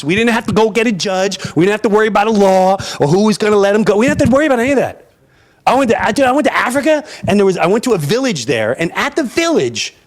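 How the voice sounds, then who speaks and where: A man from Long Island, delivering an impassioned, emphatic monologue that repeats its points. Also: sits high. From Long Island, New York. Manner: animated, emphatic, repeats phrases.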